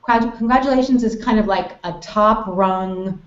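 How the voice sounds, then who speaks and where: An American woman teaching English conversation, explaining clearly and acting out example phrases with exaggerated tone. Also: mid-range voice, moderate pace. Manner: friendly, explanatory, models phrases with exaggerated intonation. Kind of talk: online English lesson hangout. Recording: roomy, dull web call audio.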